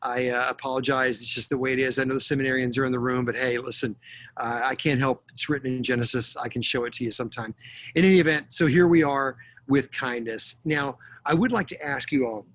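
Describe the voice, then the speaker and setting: A man's voice: mid-range voice, steady tone, a little fast, fairly bright tone. A middle-aged man from Texas giving an online lecture, chatty and jokey with lots of fillers. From Texas, USA. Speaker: guest lecturer. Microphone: video call.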